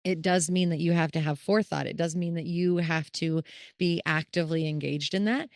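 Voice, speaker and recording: A woman's voice: sits low, a little fast, dry recording, clean studio sound. A middle-aged woman hosting a caregiving podcast, talking earnestly and acting out the thoughts of the people she describes. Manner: earnest, animated, acts out quoted thoughts. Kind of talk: casual solo podcast talk.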